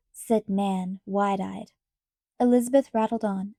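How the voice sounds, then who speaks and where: Dark-toned woman reading a storybook. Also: fairly high pitch, moderate pace, dry recording, clean studio sound. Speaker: audiobook reader. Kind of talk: storybook narration.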